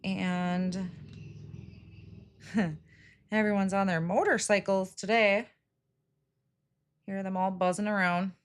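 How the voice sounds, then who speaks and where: Slow and steady, with frequent pauses, her mid-range voice has a clear, resonant tone. She's a middle-aged craft livestream host who chats through a casual card-making demo, greeting viewers by name and laughing at her slips.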